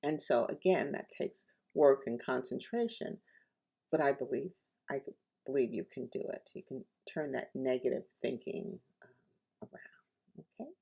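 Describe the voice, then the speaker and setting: A woman author reading her own poem, then gently walking listeners through self-care practices with many pauses and fillers. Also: extremely low pitch, animated, gravelly, slightly rough, highs cut off. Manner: repeats lines slowly and softly.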